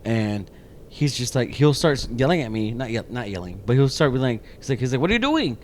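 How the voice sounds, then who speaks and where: A man's voice: mid-range voice, a little fast, slight background noise. A man co-hosting a podcast in casual chat, telling a rambling story full of swearing. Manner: animated, rambling, swears a lot. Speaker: podcast co-host.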